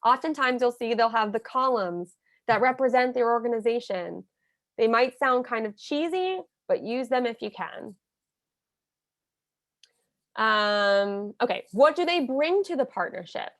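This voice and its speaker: A woman with a fairly high voice teaches nonprofits in an emphatic coaching tone. She acts out sample messages as she explains each step. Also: normal speed, no echo. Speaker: nonprofit consultant. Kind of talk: instructional talk.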